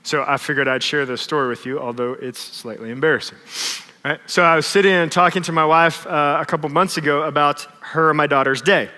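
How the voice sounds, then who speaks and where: A man's voice: a little high, brisk, pushed and bright. A pastor in his thirties telling a personal story in a conversational, self-deprecating sermon. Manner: conversational, self-deprecating, tags lines with "right?". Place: church sanctuary. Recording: long church reverb.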